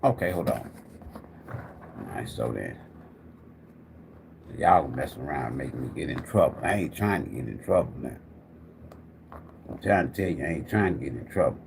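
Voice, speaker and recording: A man's voice: rumbling low, expressive, moderate pace, vocal fry, long pauses, darkish tone, slight background noise. A middle-aged man hosting a tarot livestream, talking in a rambling, preacher-like way, swearing freely and addressing viewers directly. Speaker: tarot reader and livestream host.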